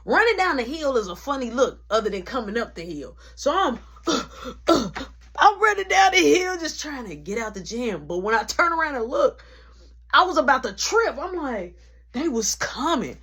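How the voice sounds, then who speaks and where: A woman's voice: high-pitched, very animated, moderate pace, a bit bright, slightly rough. A young adult woman telling a story in casual slang, full of sound effects.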